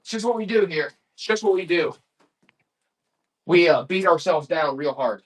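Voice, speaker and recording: Male live-auction host, excitable sales patter, voice that swings up and down constantly. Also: normal speed. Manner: excitable, hyped-up pitchman with loud exclamations. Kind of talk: live-stream selling patter.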